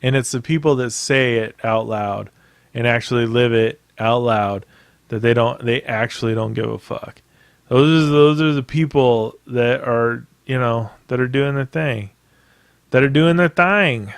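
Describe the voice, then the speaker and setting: A man's voice: medium pitch, unhurried, clean tone, dry recording. A man hosting a podcast by himself, ranting in a casual, rambling way with plenty of profanity and emphatic asides. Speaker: podcast host. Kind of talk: casual solo podcast rant.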